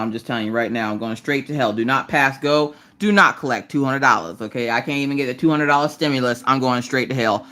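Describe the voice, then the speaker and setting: A woman's voice: fast talker, hardly any pauses, bright, forceful tone. A woman, chatting casually and joking on a crafting live stream while she works. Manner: joking, self-deprecating, jumps into high squeaky voices to greet viewers. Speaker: livestream host doing diamond painting.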